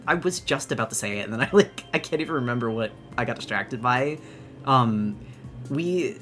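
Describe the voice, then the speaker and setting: Brief: young woman streamer, bubbly and gushing, lively up-and-down pitch, faint music underneath. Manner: bubbly, gushing, rambling with restarts. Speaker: VTuber streamer. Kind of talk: excited casual live-stream chat.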